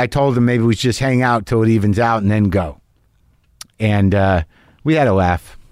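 A man's voice: mid-range voice, dry recording. Man, podcast host, casual rambling chat, self-interrupting, dry close mic.

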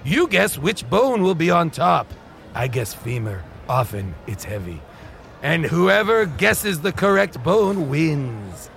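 A man voicing an unhinged, sleep-crazed young prince who gambles and shouts wild bets in an improvised comedy role-play. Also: very animated, slow, gravelly, heavily acted. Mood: grandiose. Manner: shouting wild bets, sudden swings from bellows to low growls.

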